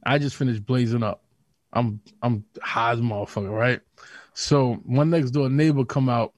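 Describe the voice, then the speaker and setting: A man from Queens with a New York accent, co-hosting a podcast and telling animated, profane stories with voices for the people in them. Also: medium pitch, moderate pace, no room sound. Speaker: podcast co-host. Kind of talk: casual storytelling chat.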